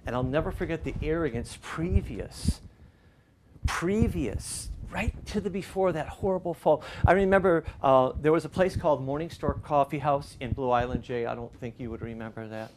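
A man's voice: a little high, moderate pace, a little mellow, slight background noise. Older man preaching, storytelling tone. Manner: storytelling with rising emphasis and quoted voices. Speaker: pastor. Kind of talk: preaching, conversational sermon talk.

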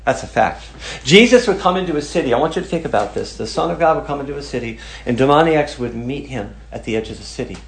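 A man preaching a sermon, reading scripture aloud and talking it through casually, moving from emphatic stress to quiet asides. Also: medium pitch, animated, fast talker, creaky, slight background noise. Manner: conversational, emphatic, shifts between loud and hushed.

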